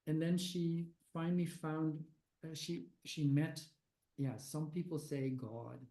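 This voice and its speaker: An older man being interviewed as a guest, speaking haltingly with many fillers and restarts. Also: on the high side, fairly even intonation, dark tone, rough recording. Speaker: guest researcher of near-death experiences. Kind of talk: conversational interview answers.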